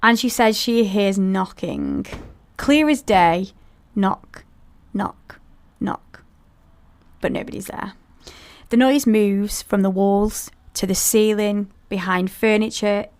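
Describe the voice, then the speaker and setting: A woman hosting a podcast, telling a paranormal story in a chatty way and talking straight to her listeners with asides. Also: medium pitch. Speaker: podcast host.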